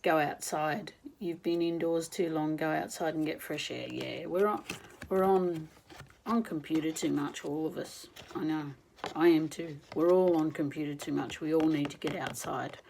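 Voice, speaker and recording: A woman doing an oracle card reading in a gentle, reflective, encouraging manner. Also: sits low, steady tone, normal speed, vocal fry, a little hiss or hum, rough recording. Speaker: spiritual card reader.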